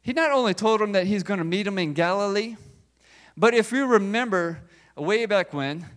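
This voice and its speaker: Male pastor, high voice, emphatic sermon delivery full of rhetorical questions. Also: lively intonation, normal speed, smooth.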